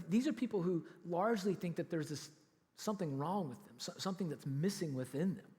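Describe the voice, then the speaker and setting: A man preaching a sermon as pastor, telling a story in an animated way and acting out what the people in it say. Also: a little high. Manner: animated storytelling, acts out quoted lines. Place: church auditorium. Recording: reverberant church hall.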